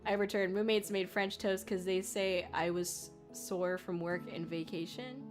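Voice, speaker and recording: A young woman streamer rambles through a story in casual chat, full of fillers and restarts, laughing often and getting loud when excited. Her voice is mid-range and unhurried, with faint music playing in the background.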